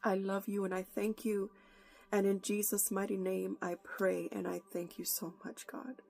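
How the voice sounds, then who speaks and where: A woman preacher praying fervently and giving a prophetic message, slow and pleading. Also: medium pitch, little pitch movement, vocal fry, mellow. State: holding back tears.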